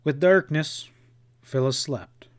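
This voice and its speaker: Slow, measured male audiobook narrator. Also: on the high side. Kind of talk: scripted narration.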